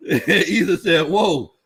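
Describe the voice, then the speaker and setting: A man's voice: high voice, drawn-out words, slightly rough. A middle-aged man hosting a casual sports live stream, reading viewer comments and laughing often. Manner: laughs often, animated, Southern slang. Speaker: sports show host.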